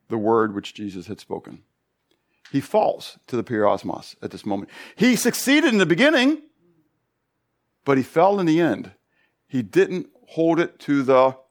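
A pastor preaching a Bible study sermon, animated, full of rhetorical questions. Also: male voice, medium pitch, unhurried, long pauses.

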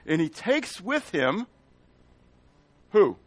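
Male Bible teacher, slightly high voice, animated, quizzes the listeners, dry sound. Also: very slow, no echo. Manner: animated, asks the listeners questions, acts out quoted lines.

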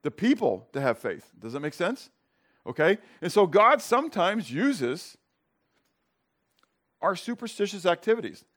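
His high, bright voice has a sing-song lilt, and he keeps a measured pace with frequent pauses. Teaching a casual Bible class, he questions his students, checks in with "okay?" and "right?", and acts out scenes.

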